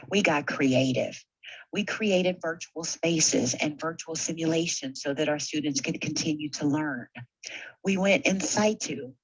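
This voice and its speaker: Woman speaker, slow and low, conversational conference keynote, rallying her peers. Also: slightly rough, dry recording, dull audio. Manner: conversational and rousing, with rhetorical questions. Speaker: simulation technologist and conference speaker. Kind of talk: motivational conference talk.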